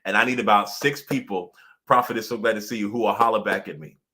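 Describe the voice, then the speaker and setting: A young man coaching viewers on a live stream, energetic and chatty, laughing often and acting out little dialogues. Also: fairly low pitch, fast. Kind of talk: motivational live-stream talk.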